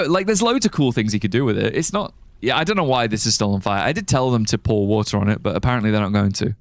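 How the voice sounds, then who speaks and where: Man rambling through lively game commentary. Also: mid-range voice, no room sound. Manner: rambling, profane, laughs at his own ideas. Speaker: streamer. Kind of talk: live gameplay commentary.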